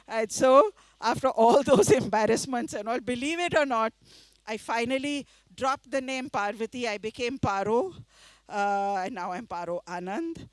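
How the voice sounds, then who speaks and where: A middle-aged woman from India tells a story to a festival audience, acting out what each person said. Her voice sits high and moves a lot. The sound is dry and close, with no room echo. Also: normal speed. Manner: animated storytelling with quoted voices and laughter. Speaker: author giving a reading. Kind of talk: storytelling talk at a literature festival. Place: festival session before a live audience.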